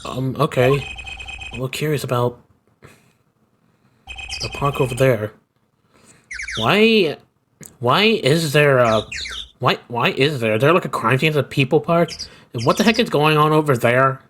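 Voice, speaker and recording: A man's voice: medium pitch, animated, unhurried, long pauses, fairly bright tone, a little hiss or hum. A man doing a flustered young lawyer. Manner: hesitant, stammering. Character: young male defense lawyer, flustered and put-upon. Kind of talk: fan voice-over dub of a video game. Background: game music.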